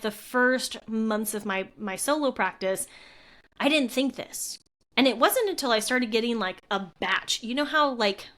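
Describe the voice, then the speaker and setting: A woman's voice: fairly high pitch, fairly bright tone. A young adult woman, a physical therapist, hosting a solo podcast in an earnest, heartfelt, conversational way with frequent fillers. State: tearful at moments.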